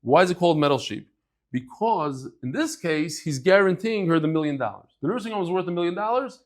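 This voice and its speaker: A man giving a daily Talmud lecture, conversational and lively, acting out bits of dialogue as he explains with everyday examples. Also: on the high side. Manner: lively, acts out dialogue in quick asides. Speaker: Talmud teacher.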